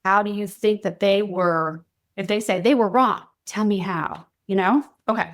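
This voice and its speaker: A woman's voice: medium pitch, normal speed. A woman hosting a podcast, talking earnestly to parents in a coaching tone and often checking in with "right?" or "okay?". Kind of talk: solo podcast talk.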